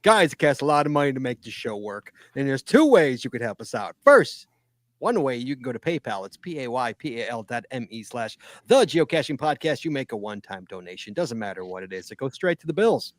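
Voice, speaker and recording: A man's voice: medium pitch, big pitch swings, fast talker, hardly any pauses, no echo. A man hosting a live call-in podcast, playful and teasing, with announcer-like reads. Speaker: podcast host.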